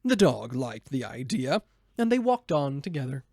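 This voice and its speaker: A man reading a children's storybook aloud in a gentle, measured way. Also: mid-range voice, sing-song, no echo. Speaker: narrator.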